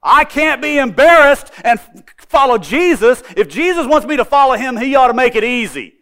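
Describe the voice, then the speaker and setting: A proud, tearful churchgoing woman pleads to be spared from walking to the front, as a male preacher puts her on. Her voice sits far above his own and comes out loud and strained. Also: expressive, moderate pace. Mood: indignant. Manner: pleading, tearful, high-pitched.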